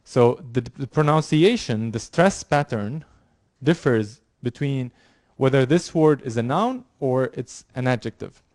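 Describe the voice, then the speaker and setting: A male university lecturer explains concepts to a class, stumbling through fillers and repeated words as he goes. His voice sits at a middle pitch and is recorded dry, with almost no room echo. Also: expressive, a little mellow. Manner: halting, many fillers and restarts.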